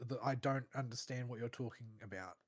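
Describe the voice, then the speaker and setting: Man, podcast guest or co-host, measured, articulate, casual chat, average pitch.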